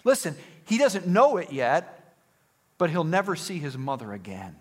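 A man preaching a sermon in an emphatic, conversational way, often restarting phrases. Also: medium pitch.

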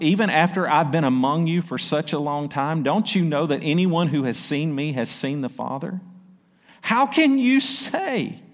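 A man preaching a sermon as pastor. He reads scripture slowly and loudly, then drops into quick, quieter asides and calls out to the congregation. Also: on the high side. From South Arkansas. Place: church sanctuary. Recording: long church-hall reverb.

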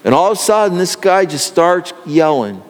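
A man's voice: sits high, very animated, moderate pace, big-room sound. A male pastor delivering an earnest sermon that builds in intensity.

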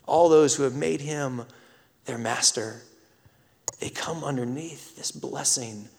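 A man, preaching a sermon that swings from loud scripture reading to hushed whispers. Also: medium pitch, vocal fry. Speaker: pastor. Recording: long reverb of a large hall.

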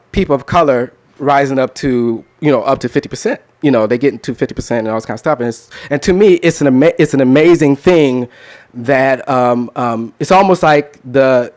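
A man's voice: mid-range voice, a little mellow. A man talking loosely with an audience, then performing a spoken word poem with a rhythmic, emphatic delivery. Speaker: poet. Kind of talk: spoken word poetry reading.

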